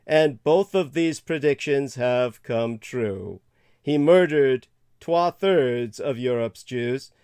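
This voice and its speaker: Long-winded man with a smooth voice. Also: fairly high pitch, darkish tone, no room sound, studio quality. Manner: long-winded, laughs off interruptions. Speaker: podcast host. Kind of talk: rambling monologue.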